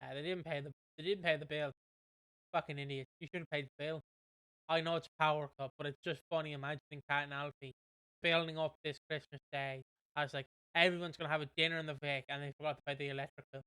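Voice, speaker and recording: A man co-hosting a podcast, chatting in a quick, amused, sweary way while recapping a soap. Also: on the high side, level tone, pushed and bright, clear, resonant tone, dry recording, poor audio. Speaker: podcast co-host. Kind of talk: casual chat recapping a soap.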